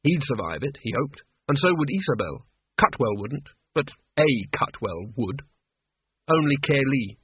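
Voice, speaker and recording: A man narrating a story aloud with expressive storytelling. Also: medium pitch, measured pace, a little hiss or hum. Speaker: audiobook narrator. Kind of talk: scripted narration. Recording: tinny phone-like dry audio.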